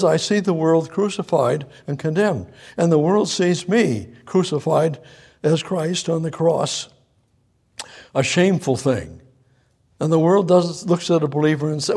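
A man preaching a sermon, halting and repeating himself, firing off rhetorical questions. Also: high-pitched, darkish tone, husky.

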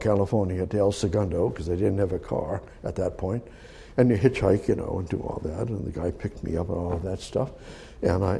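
Gravelly, husky-voiced man preaching. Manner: swings from slow booming emphasis to quiet asides. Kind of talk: sermon.

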